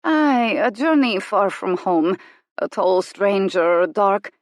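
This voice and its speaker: A woman voicing a shrewd middle-aged female fortune teller, speaking slowly and knowingly in a rustic dialect. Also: medium pitch, animated, no echo, clean studio sound. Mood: mysterious. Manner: slow, knowing, dialect-tinged speech.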